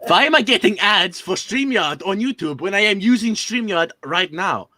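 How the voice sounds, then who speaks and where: Bright, lively young-sounding game master. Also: male voice, sits high, moderate pace. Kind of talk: casual banter between sessions.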